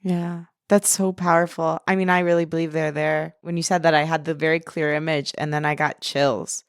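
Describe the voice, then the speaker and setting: Affirming low-voiced woman podcast host. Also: little pitch movement, moderate pace, smooth, no echo, studio quality. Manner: warm, affirming, laughs readily. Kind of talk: interview conversation.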